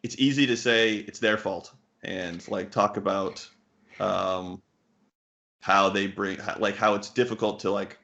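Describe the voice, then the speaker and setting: A man's voice: lowish voice, fairly even intonation, measured pace, vocal fry, sharp tone. A man in his thirties, a poker coach, answering interview questions bluntly, swearing casually and full of fillers and restarts. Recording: muffled lo-fi audio.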